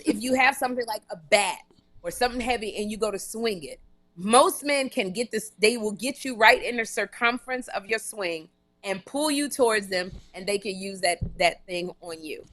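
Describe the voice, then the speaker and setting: A woman co-hosting a comedy podcast live stream, telling a long story in an animated, run-on way with frequent restarts and blunt jokes. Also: fairly high pitch. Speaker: podcast co-host.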